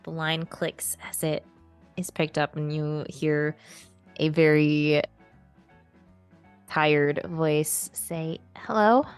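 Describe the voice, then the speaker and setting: A woman narrating as game master in a tabletop role-playing game, relaxed with dry humor. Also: low-pitched, slow pace, clear, resonant tone, faint music behind.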